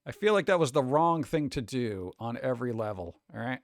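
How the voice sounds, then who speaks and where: A man's voice: medium pitch, fairly quick, hardly any pauses, dry recording, studio quality. A man from New York with a New York accent, hosting a casual livestream and reacting to chat in a sarcastic, mock-exasperated way. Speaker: streamer host.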